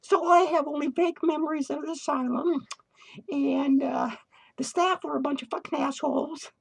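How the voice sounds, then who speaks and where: A man playing an unhinged, foul-mouthed clown who rants in a high, shrill voice with cackling laughs, tipsy and hyper, in a comedic character vlog. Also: fairly even intonation, moderate pace, gravelly. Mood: manic ranting. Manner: crude swearing rants, giddy and drifting. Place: home studio.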